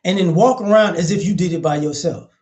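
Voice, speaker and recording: A man's voice: high voice, brisk, a little mellow. A man giving opinionated commentary in a vlog, blunt and profane, hammering his points with repeated phrases.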